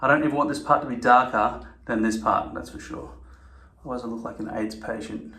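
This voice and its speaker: A man's voice: mid-range voice, fairly quick, bright, forceful tone. A man talking casually to camera, rambling, swearing and correcting himself mid-sentence. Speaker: vlogger. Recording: echoey room.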